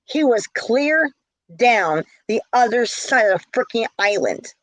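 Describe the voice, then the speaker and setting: A woman's voice: a little high, very animated, a little slow, fairly bright tone, no room sound, poor audio. A middle-aged woman telling a story in a casual vlog, heated and indignant. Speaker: vlogger.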